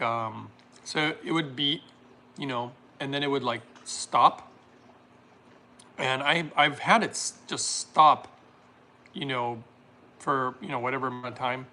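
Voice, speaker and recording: A man's voice: medium pitch, pushed and bright. A man hosting a casual livestream, reading viewer comments aloud and riffing with jokes and frequent laughter. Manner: laughs often, jokey riffs, trailing off. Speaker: livestream host reading chat.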